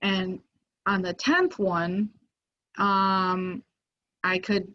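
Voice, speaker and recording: A woman guest on a podcast, telling a story casually with lots of "like" fillers and getting animated as it builds. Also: mid-range voice, drawn-out words, dull audio. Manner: animated, lots of "like" fillers, rises when excited.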